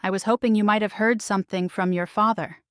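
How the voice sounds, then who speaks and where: A woman's voice: medium pitch, fairly even intonation, a little fast, no echo, clean studio sound, natural voice. A woman voicing a gaudy, gossiping noblewoman who speaks in a fake English accent, in a storybook reading. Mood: haughty. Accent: put-on English. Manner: gossiping, secretive.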